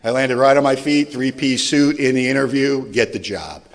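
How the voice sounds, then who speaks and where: Speaking at a recovery meeting, a man in his forties shares his personal recovery story with self-deprecating humor, his mid-range voice at a moderate pace. The large event hall gives the recording a long reverb.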